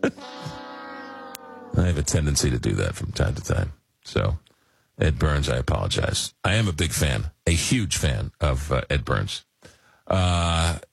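A middle-aged man from Long Island hosting a radio talk show, telling stories in a rambling, animated way. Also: deep voice, husky, dry recording. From Long Island, New York. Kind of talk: casual radio chat.

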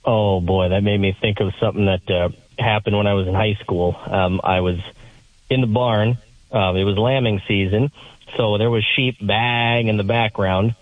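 A man's voice: fairly low pitch, moderate pace, no room sound. A young man calling in to a radio show, telling a story with lots of laughter and acting out the voices in it. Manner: animated, laughing, acts out voices. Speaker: caller. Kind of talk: storytelling on a phone call. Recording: phone line.

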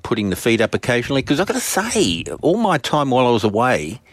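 Lively chatty man. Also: medium pitch, quick pace. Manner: lively, chatty, lots of fillers. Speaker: radio co-host. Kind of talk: casual radio chat.

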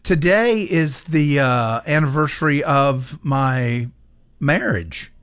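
A man's voice: a little high, slow, fairly bright tone, no echo. Wry man in his sixties, dry mic. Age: 60s. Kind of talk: casual radio chat.

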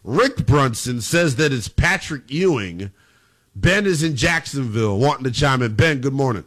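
A man's voice: medium pitch, expressive, moderate pace, fairly bright tone. A man hosting a call-in sports radio show, chummy with callers and calling them brother and pal.

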